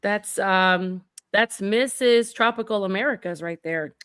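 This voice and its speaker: A woman co-hosting a casual livestream podcast with her husband, playful and teasing, quick to laugh. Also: medium pitch, a bit bright, smooth, dry recording, studio quality. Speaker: co-host, host's wife.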